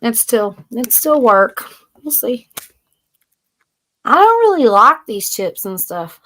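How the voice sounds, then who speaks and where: A woman chats casually on a live stream in a slightly high voice. She keeps it loose and blunt, full of slang and the odd curse. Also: sing-song, slow, fairly bright tone. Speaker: livestream host.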